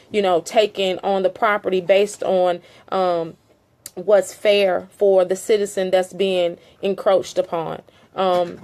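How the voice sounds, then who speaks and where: A woman's voice: mid-range voice, a little mellow. Earnest middle-aged woman pleading. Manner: earnest, emphatic, with repetition and fillers. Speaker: family member speaking out on a land dispute. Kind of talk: impassioned direct-to-camera appeal.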